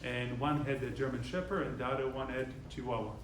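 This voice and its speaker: Animated rabbi in an echoey hall. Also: male voice, mid-range voice, fast talker. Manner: animated, acts out dialogue in changing voices. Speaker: rabbi giving a weekly class. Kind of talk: storytelling sermon with jokes. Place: synagogue hall. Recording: echoey room, mic at a distance, faint noise.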